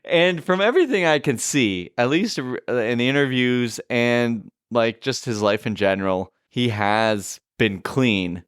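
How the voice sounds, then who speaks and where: A man's voice: mid-range voice, lively intonation, a little slow, hardly any pauses, a bit bright, clear, resonant tone, dry recording, studio quality. A Canadian man co-hosting a podcast, chatting casually and laughing often. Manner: chatty, laughs often, reads lyrics aloud. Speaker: podcast co-host. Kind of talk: casual chat.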